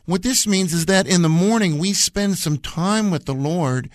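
In clean studio sound with no echo, a man whose voice sits high co-hosts a radio Bible study at a moderate pace. He teaches earnestly and repeats phrases for emphasis.

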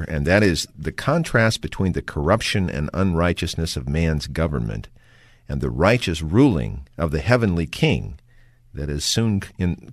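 A man hosting a religious radio discussion, asking leading questions in a measured way. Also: a bass voice, dry recording, studio quality. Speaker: host.

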